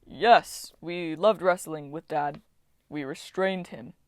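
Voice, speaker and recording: A woman reading an audiobook, voicing a meek, nervous giant male Titan who speaks hesitantly and softly. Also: low voice, slow pace, no room sound, voice pushed down. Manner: hesitant, soft and stammering.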